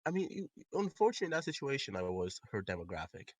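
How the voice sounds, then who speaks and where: A young man spins a casual story on a podcast with a lively, swooping pitch, his rambling peppered with fillers and mimicked quotes. The recording is close and dry, with no room around the voice. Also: fast talker, no room sound. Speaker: podcast co-host. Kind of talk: casual anecdote telling. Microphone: close podcast microphone.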